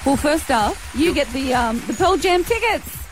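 An Australian woman co-hosting breakfast radio, chatty and quick to giggle as she takes calls. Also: high voice, lively intonation, music in the background. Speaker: radio host.

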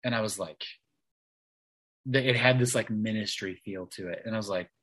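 A man's voice: on the low side, moderate pace, a bit bright, rough recording. A man in his thirties, a guest in an interview, telling his story casually with lots of restarts and "like" fillers. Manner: chatty, many restarts and "like" fillers.

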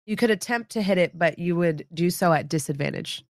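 A woman narrating as game master in a tabletop game, relaxed and descriptive, and she corrects herself casually. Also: on the low side, brisk, dry recording, studio quality.

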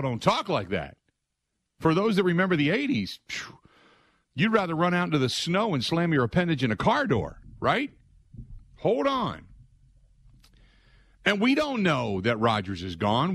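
A middle-aged male sports radio host, telling a long rambling story full of asides in an excitable way. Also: on the high side, dry recording. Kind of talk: animated storytelling monologue.

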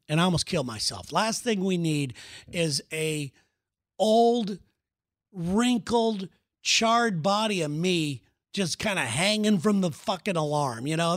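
A man's voice: high voice, a bit bright, dry recording, studio quality. Profane, exasperated comic man storyteller. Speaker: comedian podcast host. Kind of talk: comedic storytelling monologue.

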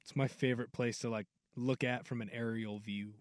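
A male sports radio co-host who drops wry jokes between points. His voice is mid-pitched, and the studio sound is dry and close. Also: steady tone, moderate pace, dry recording. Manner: wry, joking asides. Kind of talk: sports talk radio chat.

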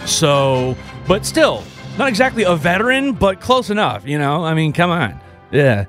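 A man from Houston, Texas, hosting a radio show in a casual, energetic, joking style. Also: a little high, normal speed, dry recording, faint music behind. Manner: energetic, joking, self-deprecating.

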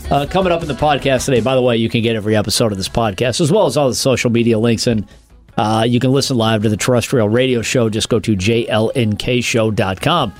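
A man's voice: mid-range voice, quick pace, soft background music. A man co-hosting a comedy podcast, joking crudely and rambling with lots of fillers. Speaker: podcast co-host. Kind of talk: casual comedic podcast banter.

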